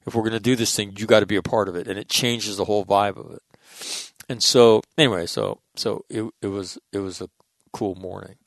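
A middle-aged man with a lowish voice tells stories in a loose, rambling monologue, restarting his sentences and swearing casually. The sound is close and dry, with no room echo. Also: fairly even intonation, brisk, gravelly.

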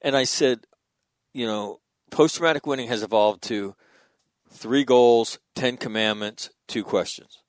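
A middle-aged man in a casual podcast conversation, telling stories in a profane, animated way. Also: medium pitch, a little slow, no room sound.

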